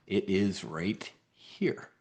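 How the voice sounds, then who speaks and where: A man's voice: sits low, very slow, a little mellow. A middle-aged man hosting a live trading webinar, brash and blunt, swearing now and then and using military slang.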